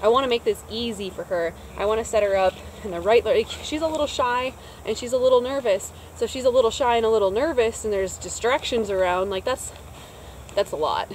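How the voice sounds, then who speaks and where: A woman's voice: fairly high pitch, a little fast, slight background noise, poor audio. A woman dog trainer casually explaining her method outdoors, chatting as she works. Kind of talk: casual instructional talk. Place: outdoors, quiet snowy open area.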